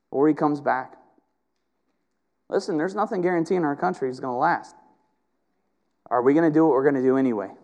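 A middle-aged pastor preaches with fervor, and his voice sits a little higher than most men's. He swings between loud, emphatic bursts and hushed, personal moments, leaning hard on single words. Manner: impassioned, swings between loud emphatic peaks and quiet intimate stretches. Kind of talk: sermon.

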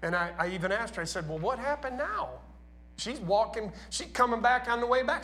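A man's voice: very high-pitched, expressive, fairly quick, pushed and bright. A man preaching a sermon in a church, talking casually and asking his congregation questions.

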